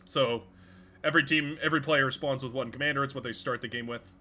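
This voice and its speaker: A man's voice: medium pitch, steady tone, fast talker, bright, forceful tone. A young man hosting a game livestream, rambling casually with frequent laughs and restarts. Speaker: stream host and game caster.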